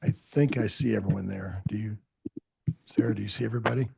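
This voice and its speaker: A man chairing a public board meeting, swearing people in courteously and pausing with fillers. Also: lowish voice, steady tone, vocal fry, a little mellow, a little hiss or hum. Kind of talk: formal public meeting procedure. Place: meeting room with podium.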